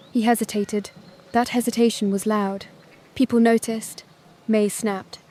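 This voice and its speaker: Calm woman narrating a drama story. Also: a little high. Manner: measured, calm, dramatic pacing.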